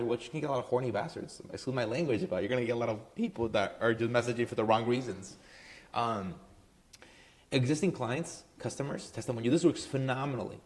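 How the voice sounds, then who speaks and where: This is a man with an ordinary mid-range voice, running a marketing business and handing out advice in an offhand, conversational way. He keeps checking in with "right?" and leans on fillers like "um" as he goes. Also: medium pitch. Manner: loose and conversational, full of "right?" and "um". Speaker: marketing agency owner giving advice. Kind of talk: casual talking-head advice.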